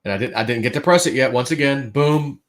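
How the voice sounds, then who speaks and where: A man on a livestream telling a story casually, acting out his own quotes and swinging between hushed and loud. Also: mid-range voice, quick pace. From United States.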